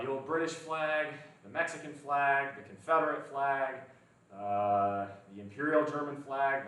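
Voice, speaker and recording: A man's voice: mid-range voice, fairly bright tone, distant mic. An American man hosting a casual fitness livestream, talking bluntly and swearing freely. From United States. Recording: echoey room, voice from off the mic.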